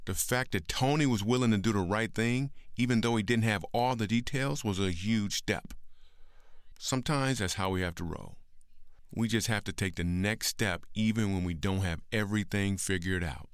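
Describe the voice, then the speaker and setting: A comedian and podcast host telling a story and closing with an emphatic, preachy message in an energetic, slangy manner. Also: male voice, lowish voice, normal speed, clear, resonant tone.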